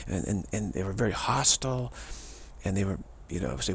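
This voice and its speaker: A man's voice: fairly low pitch, brisk, slightly rough. A man, a spiritual teacher, telling a personal story and acting out what other people said.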